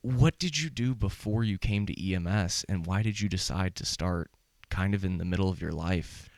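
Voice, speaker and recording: A man in his thirties hosting a casual interview, asking questions in a relaxed, curious way. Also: low-pitched, normal speed, dry recording. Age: 30s. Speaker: podcast host.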